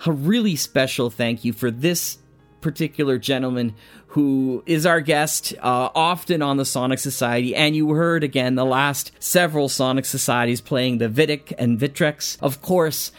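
A man's voice: medium pitch, moderate pace, faint music behind. A man hosting an audio drama podcast, eager and stumbling over restarts as he acts and chats. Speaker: podcast host. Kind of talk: audio drama acting and casual thank-you chat.

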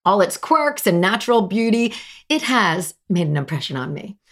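A woman from New Jersey with a raspy voice and a New Jersey accent, hosting her podcast in an emphatic, lively way with lots of fillers. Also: medium pitch, moderate pace. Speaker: podcast host. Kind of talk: scripted podcast talk.

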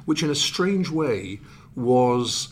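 A man interviewing a guest, asking long, measured questions. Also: mid-range voice, big pitch swings, a little hiss or hum.

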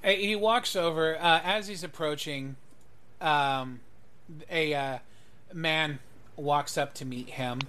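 A man's voice: fairly high pitch, slow, bright, forceful tone, smooth. A man narrating a tabletop game as game master in a loose, hesitant way. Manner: loose, lots of ums and uhs.

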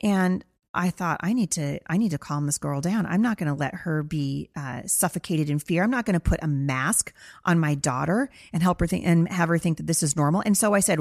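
A woman's voice: lowish voice, fairly quick, dry recording. A woman hosting her own show, answering a listener in an impassioned monologue, earnest and emphatic, repeating phrases for stress, close to tears. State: near tears. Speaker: podcast host responding to a listener.

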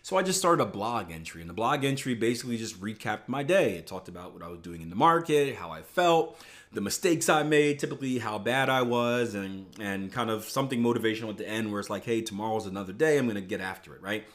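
A man's voice: lowish voice, a little fast. A middle-aged man who coaches traders, talking casually and motivationally, often asking "right?" and restarting his words. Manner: conversational, repeats "right?" often, animated rises. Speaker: trading coach.

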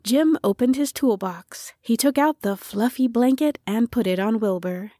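A woman narrating a children's audiobook in a slow, gentle storytelling manner. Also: a little high, no echo, clean studio sound.

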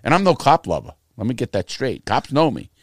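In a dry studio recording, a middle-aged American man with a medium-pitched voice talks briskly and casually about his life. His storytelling is blunt and profane, full of lively impressions of the people involved.

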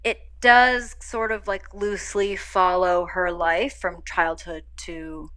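A young adult woman, an actor being interviewed, telling stories in a lively, casual way and acting out quoted lines. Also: takes it slowly. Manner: animated storytelling, acts out quotes with big pitch jumps. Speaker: actor guest.

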